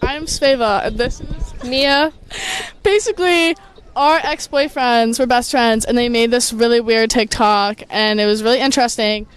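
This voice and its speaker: Smooth high young woman, giggly. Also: moderate pace. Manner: cheerful, giggly. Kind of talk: casual social video intro.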